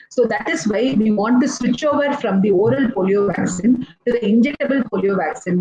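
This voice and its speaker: A woman's voice: medium pitch, mellow. A woman pediatrician from India with an Indian English accent, explaining step by step in a live talk, with many fillers and restarts. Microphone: live online session. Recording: echoey, dull lo-fi sound with faint noise.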